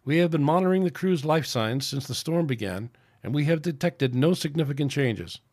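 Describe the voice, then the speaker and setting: A man voicing a good-humored male ship's doctor, lifting his voice a little higher for the part. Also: lively intonation, fairly quick, a little mellow. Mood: reassuring.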